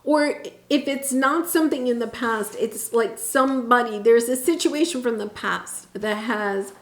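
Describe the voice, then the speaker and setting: A woman's voice: fairly high pitch, unhurried, reverberant. Earnest chatty woman tarot reader. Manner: chatty, earnest, reassuring, many fillers and restarts. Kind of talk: casual tarot reading to camera.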